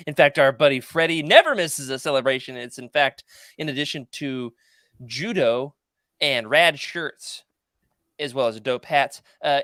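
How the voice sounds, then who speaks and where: A man's voice: mid-range voice, fairly bright tone, no room sound, clean studio sound. A man hosting a podcast from home, chatting in a joking, rambling, playful way. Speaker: podcast host. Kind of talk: casual chat.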